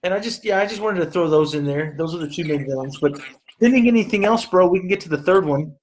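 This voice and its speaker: A man co-hosting a casual movie review podcast, speaking in a measured, hesitant way with many pauses. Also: high-pitched.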